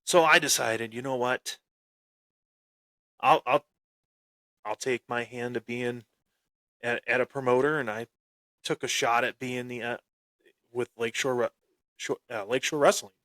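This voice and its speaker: Podcast guy bragging thru a wrestling story, slow drawn-out talk, gets loud in bursts, dry mic. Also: mid-range voice, no room sound. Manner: boastful heel bravado with sudden loud bursts; repeats and restarts phrases. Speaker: podcast host.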